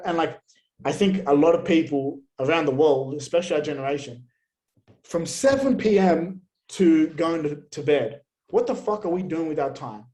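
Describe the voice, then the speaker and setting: Man, podcast guest, slightly high voice, blunt and profane. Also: poor audio. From Australia. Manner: blunt, heavy swearing, animated rants. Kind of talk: casual conversational interview.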